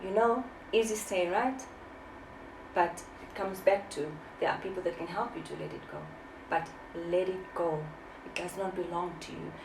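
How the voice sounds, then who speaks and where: A woman's voice: lowish voice, steady tone, moderate pace, darkish tone, roomy sound, recorded from a distance, slight background noise, low-quality recording. A woman in her forties, from South Africa, speaking as an author in an interview, impassioned and preachy, often repeating her words. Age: 40s. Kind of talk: emotional testimony.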